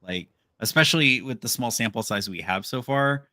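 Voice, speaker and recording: A man's voice: medium pitch, moderate pace, bright, forceful tone, no echo, studio quality. A man co-hosting a podcast, chatting casually and hesitantly with many fillers. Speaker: podcast co-host. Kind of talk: casual chat.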